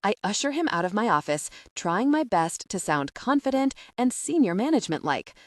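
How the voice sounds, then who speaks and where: A woman narrating a first-person novel in an expressive storytelling voice. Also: mid-range voice, moderate pace, dry recording, studio quality, far from the mic. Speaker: audiobook narrator.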